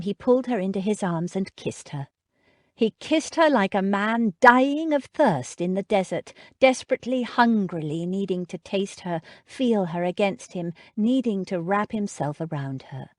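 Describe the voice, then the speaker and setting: A woman narrating a romance audiobook with a lively, expressive voice that rises and falls a great deal. Her reading is measured and unhurried, recorded close and dry with no room echo. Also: medium pitch. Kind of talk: scripted narration.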